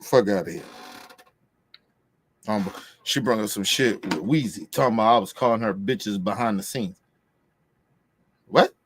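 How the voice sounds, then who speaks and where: Speaking at normal speed with long pauses, a man hosting a podcast rants with heat and profanity, repeating himself to drive points home. His fairly low voice is a bit bright, with a breathy edge.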